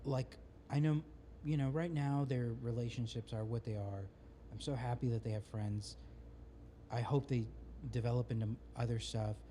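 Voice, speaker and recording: A man who is a guest on a podcast, talking in a relaxed, rambling way with slang. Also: medium pitch, moderate pace, slight background noise. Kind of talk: casual podcast conversation.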